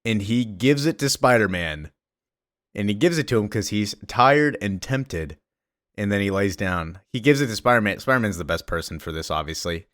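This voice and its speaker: A man's voice: fairly low pitch, expressive, moderate pace, a bit bright, no room sound, clean studio sound. A man casually recapping a comic story, rambling with many fillers.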